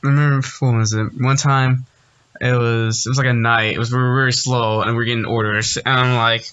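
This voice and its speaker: A young man with a bright, forceful voice co-hosting a casual podcast and laughing often between stories. The recording sounds dull and lo-fi. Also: medium pitch, fairly even intonation, fairly quick, smooth. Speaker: podcast co-host. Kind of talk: casual chat.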